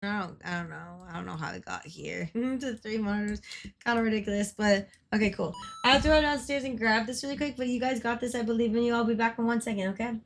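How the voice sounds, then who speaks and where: A woman's voice: on the high side, fast, creaky. A young woman livestreaming, chatting casually with viewers, swearing freely and greeting people by name. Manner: chatty and profane, greets viewers, frequent laughs. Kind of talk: casual stream chat. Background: game music.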